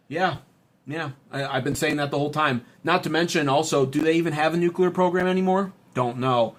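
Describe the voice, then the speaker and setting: On his political livestream, an American man reads the chat and launches into heated, sarcastic, profane rants. He talks briskly, with a voice that sits on the high side.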